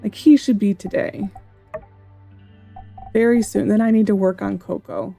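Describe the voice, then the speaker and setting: Woman chatting through her game, mellow gravelly voice, faint music under. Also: medium pitch, fairly even intonation, a little slow. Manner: chatty, thinking aloud while playing. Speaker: gameplay video host. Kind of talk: casual gameplay commentary.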